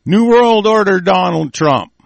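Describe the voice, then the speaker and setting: A high, creaky, expressive voice belongs to an American host swearing and shouting insults as he rants about the news at a measured pace. The recording has no echo, and he stumbles when reading headlines aloud.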